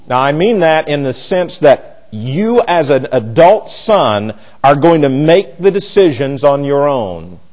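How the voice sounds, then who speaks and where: A man's voice: a little high, big pitch swings, a little slow, hardly any pauses, darkish tone, rough recording. Blunt, emphatic male Bible teacher. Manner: blunt and emphatic, with frequent restarts. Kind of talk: Bible class lecture.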